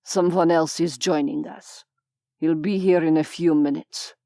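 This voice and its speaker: A woman voicing a menacing male mob boss with a Russian accent, giving slow, clipped orders. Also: on the high side, steady tone, creaky, dark tone, no echo, clean studio sound, pitched below the performer's own voice. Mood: cold command.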